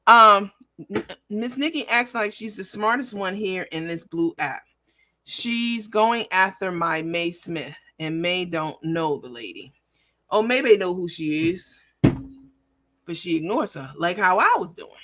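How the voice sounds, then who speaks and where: A brash woman hosting a livestream, swearing freely and addressing her viewers directly. Her voice sounds bright and sharp-edged. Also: on the low side, sing-song, unhurried, a little hiss or hum. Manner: brash and profane, talks straight to viewers. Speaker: livestream host. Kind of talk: casual livestream chat.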